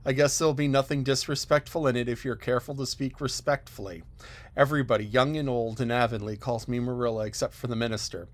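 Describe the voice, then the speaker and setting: A strict middle-aged spinster, read by a male audiobook narrator who speaks curtly and disapprovingly. The voice stays close to the narrator's own mid-range tone, firm and brisk rather than transformed. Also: medium pitch, fairly even intonation, lightly acted. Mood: stern. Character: stern, unbending middle-aged spinster woman. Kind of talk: audiobook character voice.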